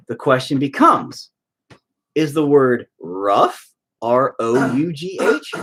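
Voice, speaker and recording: A man's voice: medium pitch, very animated, slow, a bit bright, slightly rough. A middle-aged man hosting a painting video, chatting casually and ranting with heavy profanity in exasperation. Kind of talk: casual chat while painting.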